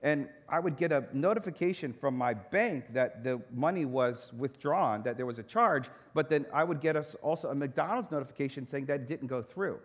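Animated pastor telling a story. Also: male voice, mid-range voice, fairly quick, few pauses. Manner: animated storyteller, acts out his own anger. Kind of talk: storytelling sermon. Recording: echoey hall reverb.

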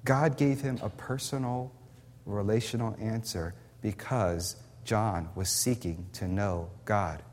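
A man with a fairly low, slightly mellow voice takes his time as he delivers a sermon as pastor in a church sanctuary. He is impassioned and emphatic, repeating words to build his points, and the sound carries echoey hall reverb.

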